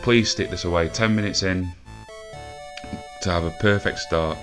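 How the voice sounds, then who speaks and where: Young guy, low voice, out of breath, swearing and yelling over a football game, faint music behind. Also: moderate pace. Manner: swears a lot, shouts when excited. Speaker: gaming commentator. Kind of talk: live video game commentary.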